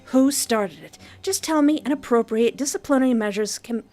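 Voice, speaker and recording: Woman reading a curt, bossy mine owner lady in a story game, higher voice, snaps orders. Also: moderate pace, warm tone, soft background music, close to an everyday voice. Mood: commanding. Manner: curt and commanding. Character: stern, indignant woman mine boss.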